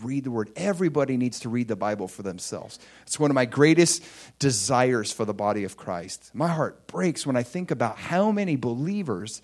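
A man preaching a sermon, telling his own testimony in an animated way, dropping to hushed asides and rising to excited shouts. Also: medium pitch.

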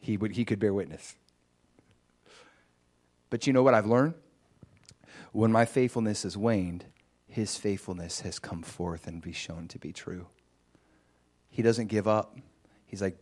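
A man preaching a sermon, telling a personal testimony in an animated storytelling way, with sudden high, excited bursts. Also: unhurried, pauses often.

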